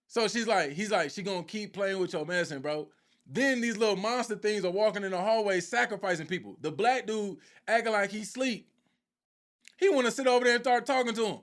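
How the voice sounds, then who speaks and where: Animated man retelling a show. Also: high voice, fast. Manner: lively storytelling with quoted voices. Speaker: faith teacher. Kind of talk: animated live teaching.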